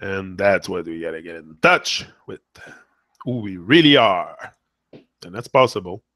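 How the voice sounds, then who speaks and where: French-accented man, bright and dry, rambling earnest motivational vlog talk. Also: low voice, expressive, measured pace, no echo. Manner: rambling, self-correcting, earnest. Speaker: motivational vlogger. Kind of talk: casual live motivational talk.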